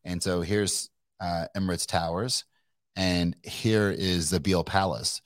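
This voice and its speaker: A middle-aged man from Kentucky tells his story with rough, animated energy, swearing freely and laughing between restarts. His voice sits very low, and the sound is dry and close. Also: unhurried, no room sound. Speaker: guest entrepreneur. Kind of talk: casual storytelling interview.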